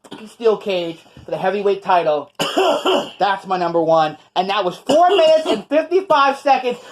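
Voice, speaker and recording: A man's voice: high-pitched, moderate pace. Brash New York man telling stories. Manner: brash, profane, animated storytelling. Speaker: podcast co-host, wrestler. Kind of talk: casual storytelling chat.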